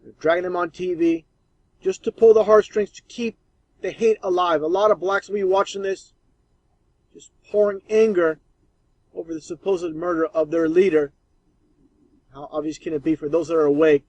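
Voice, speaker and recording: A man's voice: high-pitched, fairly even intonation, normal speed, long pauses, a little mellow, dry recording, highs cut off. A man giving scornful, emphatic commentary over archive clips.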